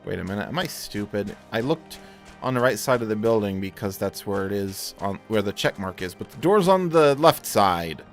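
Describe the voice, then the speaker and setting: A man's voice: lowish voice, animated, moderate pace, faint music behind. A man casually commenting on a video game as he plays, joking in a wry, playful way. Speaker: let's play host.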